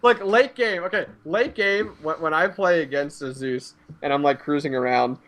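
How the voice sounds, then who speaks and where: A man's voice: fairly high pitch, moderate pace, fairly bright tone, a little hiss or hum. A man hosting a casual gaming podcast who talks through the patch notes, laughs often and acts out players' reactions. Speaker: host.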